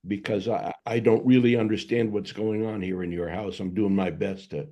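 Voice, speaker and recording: A man taking part in a study group, paraphrasing passages with lively emphasis. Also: fairly low pitch, moderate pace. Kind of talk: casual discussion.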